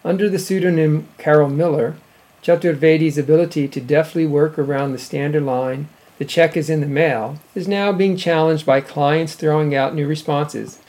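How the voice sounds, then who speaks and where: Man reading news on radio, mellow voice. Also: on the high side, fairly even intonation. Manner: measured, formal reading. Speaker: radio show host. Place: radio studio.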